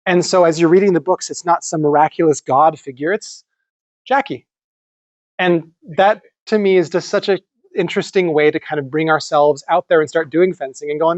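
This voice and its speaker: A man giving a conference lecture in an animated, conversational way, with some casual swearing. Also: on the high side, moderate pace, no room sound, lo-fi sound. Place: lecture room.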